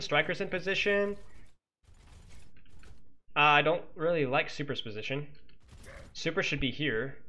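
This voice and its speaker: A man coaching as he analyzes a match replay, animated and exclamatory, often talking straight to his viewers. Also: a little high. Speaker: esports coach. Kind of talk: game replay analysis commentary.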